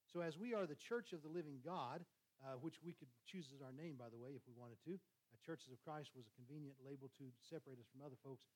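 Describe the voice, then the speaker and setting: A man preaching a conversational sermon, talking quickly with frequent restarts and checking in with "all right?". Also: medium pitch, rough recording.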